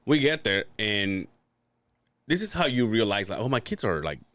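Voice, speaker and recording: Lively laughing storyteller man. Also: on the low side, moderate pace, no echo. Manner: rambling storyteller, swears a lot, laughs often. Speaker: podcast co-host. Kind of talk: casual chat.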